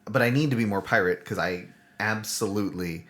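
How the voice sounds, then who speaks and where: A man's voice: lowish voice, a little fast. Man co-hosting a casual chat podcast. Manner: thinks aloud in loose, rambling phrases. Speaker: podcast co-host; improv teacher.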